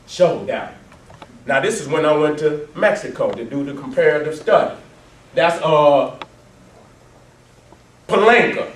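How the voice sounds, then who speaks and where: A man telling his life story to a live audience over photos, swearing heavily, laughing often and swinging between loud bursts and low, quiet stretches. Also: sing-song, a little slow, pauses often. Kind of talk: profane, animated storytelling talk to a live audience. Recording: roomy, distant mic, faint background noise.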